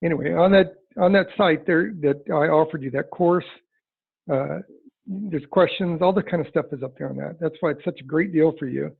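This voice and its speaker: A man's voice: a little high, normal speed, gravelly, slightly rough. A man running a sales training webinar, talking in a folksy, emphatic way and acting out client dialogue. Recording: dry tinny phone-like line.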